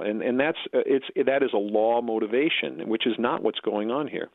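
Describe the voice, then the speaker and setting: A man's voice: fairly low pitch, a little fast, few pauses, no room sound. A man joining a radio talk show as a guest pastor, explaining with stumbles and repeated words. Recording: tinny phone line.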